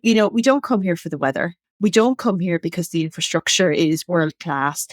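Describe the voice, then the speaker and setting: Irish woman hosting a chat podcast, measured and thoughtful, dry close mic. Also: fairly low pitch, expressive, dry recording. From Ireland. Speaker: podcast host. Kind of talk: casual interview chat.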